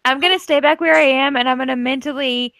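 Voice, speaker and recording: A woman playing a tabletop game, dropping sardonic, deadpan quips. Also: high-pitched, fast talker. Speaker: player. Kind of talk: tabletop role-play chat. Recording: noticeable background noise.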